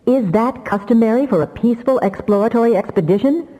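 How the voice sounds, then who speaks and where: A woman's voice: on the high side, fast, dark tone, big-room sound, voice pushed up, lightly acted, low-quality recording. A woman voicing a grim, implacable male telepath mind, insistent and urgent.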